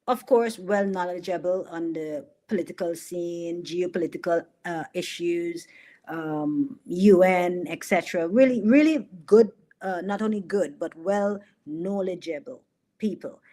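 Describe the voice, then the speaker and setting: Sarcastic woman with a lowish voice. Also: measured pace, warm tone. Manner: sarcastic, mocking, laughs at her own jokes; emphatic repetition. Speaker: political commentary host. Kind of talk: livestream political commentary.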